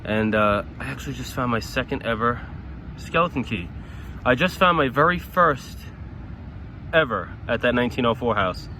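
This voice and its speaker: This is a man from New York recording a casual outdoor vlog in a grassy yard. His voice sits at an ordinary middle pitch, and he chats loosely to the camera, thinking aloud about each find and calling his audience guys. Faint traffic noise hums in the background. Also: normal speed, bright, forceful tone. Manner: chatty, keeps addressing viewers as guys, thinks aloud. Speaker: metal detecting vlogger.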